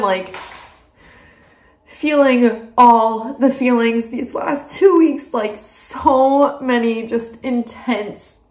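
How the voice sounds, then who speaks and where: A woman's voice: on the high side, reverberant. A young woman speaking in a personal video diary at home, emotional and crying, laughing through her tears. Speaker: vlogger.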